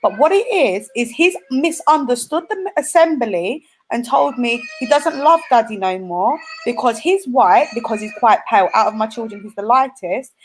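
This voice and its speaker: A woman's voice: fairly high pitch, animated, normal speed, hardly any pauses, slight background noise, poor audio. A young woman, telling an earnest personal story in a casual discussion, correcting herself as she goes. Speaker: panel guest.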